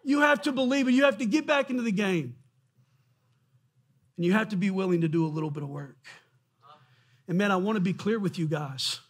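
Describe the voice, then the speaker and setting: A man preaching a sermon in a church, impassioned and often shouting, acting out the voices of doubters. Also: sits high, a little fast, long pauses, husky. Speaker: pastor.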